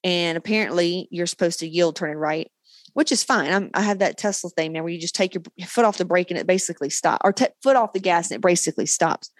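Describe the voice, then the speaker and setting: A woman podcast host and coach giving a blunt, profane, animated motivational monologue. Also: fairly low pitch, fast, dry recording.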